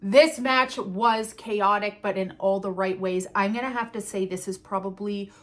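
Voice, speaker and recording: A woman's voice: mid-range voice, steady tone, moderate pace. A woman chatting casually and enthusiastically as she reviews a wrestling event, with the odd casual swear.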